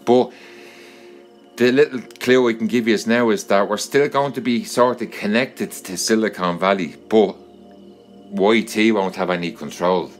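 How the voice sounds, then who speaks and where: A man's voice: on the low side, normal speed, soft background music. An Irish man vlogging to his subscribers in a rambling, repetitive monologue. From Ireland.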